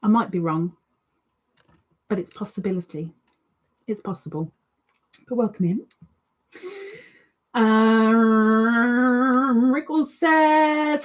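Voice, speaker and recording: A woman's voice: fairly high pitch, lively intonation, takes it slowly, pauses often. A woman hosting a casual live stream, reading chat messages aloud in a chatty, teasing way. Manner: chatty, teasing, playful sing-song asides. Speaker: livestream host reading chat.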